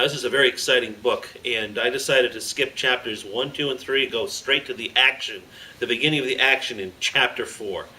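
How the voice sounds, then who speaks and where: Bright-voiced man reading a story aloud. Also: medium pitch. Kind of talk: reading a children's book aloud. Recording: slightly distant mic, faint background noise.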